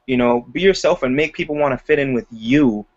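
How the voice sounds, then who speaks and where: A young man in the middle pitch range talks loosely as an interview guest, filling his sentences with "like" and "you know." He laughs easily as he goes. The audio sounds dull and lo-fi. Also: brisk. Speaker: guest, aspiring comedian. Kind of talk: casual interview chat.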